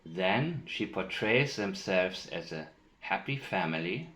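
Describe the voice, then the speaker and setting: A man commenting on interview clips, speaking in a deliberate, emphatic way and repeating key phrases. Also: deep voice, animated, a bit bright, roomy sound. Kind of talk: analytical commentary with played clips.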